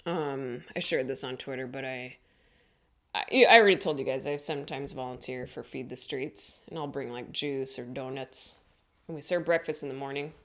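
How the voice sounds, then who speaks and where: Speaking at a normal speed in a rumbling low voice, a female comedian rambles through a casual vlog monologue to the camera. She's chatty, keeps correcting herself and laughs along the way.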